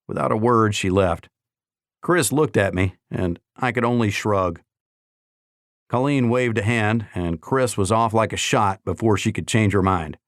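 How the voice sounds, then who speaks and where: A man narrating a novel in the first person in a measured, even storytelling manner. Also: lowish voice, no room sound, clean studio sound. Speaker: audiobook narrator.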